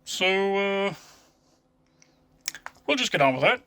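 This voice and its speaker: A man's voice: high voice, sing-song, slow, sharp tone, no echo. A man giving a loose, irreverent intro and riffing jokes over an old film. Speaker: comedy riffer host.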